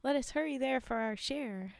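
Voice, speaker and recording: A woman's voice: high voice, moderate pace, vocal fry, dry recording. A woman reading as a scornful wolf leader. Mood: mocking. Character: mocking leader of a wolf pack. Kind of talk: storybook reading.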